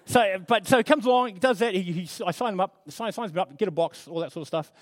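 A man's voice: sits high, fast talker, no room sound. A middle-aged man preaching a conversational sermon, earnest and storytelling, with frequent restarts.

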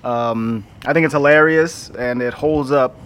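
A man co-hosting a podcast in casual chat, playful and animated. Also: medium pitch, unhurried, a little hiss or hum. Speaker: podcast co-host.

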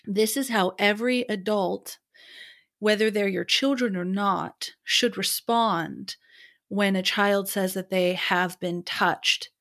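A woman hosts a casual conversation in an affirming, warm way. Her voice sits at a middling pitch, and she grows animated when she makes a point. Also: slow pace. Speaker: host.

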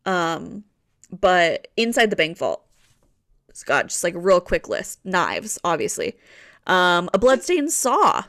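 A woman's voice: lowish voice, sing-song, slow, gravelly, fairly bright tone. A woman co-hosting a casual true-crime podcast, telling the case in a loose, chatty way with many fillers. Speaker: podcast co-host narrating the case.

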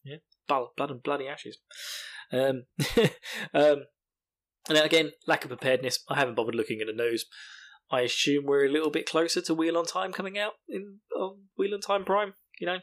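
A man's voice: a little high, steady tone, normal speed, fairly bright tone. Male podcast host, young adult, loose and profane, rambles off on tangents. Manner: rambling, swearing, laughing at his own jokes. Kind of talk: casual solo podcast chat.

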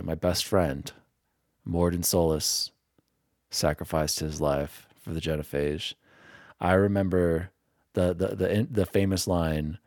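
Emotional, lower-voiced male podcast host. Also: darkish tone, no room sound, studio quality. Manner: emotional, self-deprecating, quick to laugh. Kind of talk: casual gaming podcast chat.

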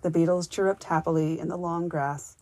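A woman reading a storybook audiobook aloud as a podcast host, in a calm, measured, gentle manner. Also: lowish voice, no room sound.

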